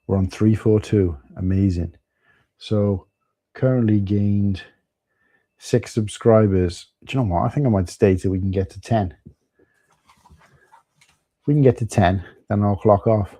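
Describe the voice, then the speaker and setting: A man's voice: on the low side, measured pace, long pauses, warm tone, no echo. A man with a Welsh accent, chatting casually with viewers as host of a live stream, calling them mate.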